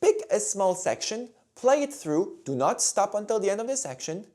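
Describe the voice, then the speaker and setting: A man teaching violin intonation in a calm, clear, demonstrative way. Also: high voice, moderate pace. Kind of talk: instructional video talk.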